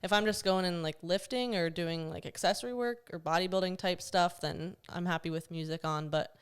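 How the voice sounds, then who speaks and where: A woman's voice: lowish voice, fairly quick, clear, resonant tone. A woman speaking as a podcast guest, answering casually and without fuss. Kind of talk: casual interview chat.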